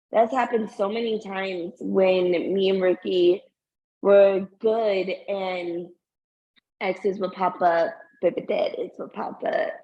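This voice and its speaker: A woman co-hosting a casual podcast chat, talking about her marriage in a heartfelt, drawn-out way. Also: mid-range voice, a little mellow, muffled recording. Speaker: podcast co-host.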